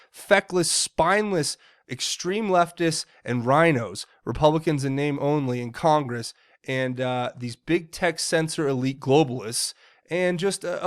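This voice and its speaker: A man giving heated political commentary, indignant and often stumbling and repeating words. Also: on the high side.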